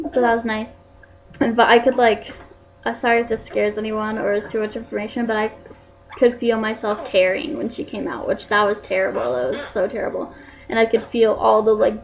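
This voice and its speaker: A woman's voice: a little high, poor audio. A young woman vlogging casually to camera, rambling with many fillers like "like" and "um". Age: young adult.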